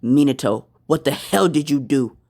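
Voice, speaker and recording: A man voicing an angry, defiant young male ninja, with slow, halting lines. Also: mid-range voice, darkish tone, natural voice. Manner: slow halting delivery with stammers.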